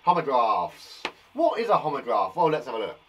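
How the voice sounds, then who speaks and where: A man in his thirties with an English accent, teaching young children in a playful, animated way, asking them questions as he goes. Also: mid-range voice, moderate pace, a little hiss or hum, low-quality recording. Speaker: primary school teacher. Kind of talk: children's lesson video. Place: garden shed classroom.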